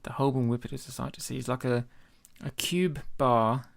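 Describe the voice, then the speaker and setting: A man co-hosting a casual beer podcast, chatty and quick to laugh, with plenty of ums. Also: mid-range voice, fairly even intonation, creaky, no echo, clean studio sound. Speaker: podcast co-host.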